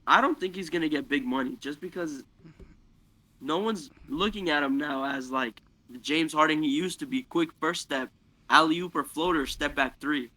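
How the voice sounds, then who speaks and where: A man's voice: on the high side, normal speed, bright, forceful tone. A man appearing as a podcast guest, giving blunt, emphatic opinions in a casual chat.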